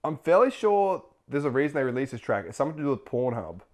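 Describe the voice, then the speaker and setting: A man's voice: medium pitch, quick pace. A young Australian man co-hosting a music review, talking casually and profanely with a lot of hype. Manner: animated, profane, rises to a shout when hyped. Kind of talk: casual reaction chat.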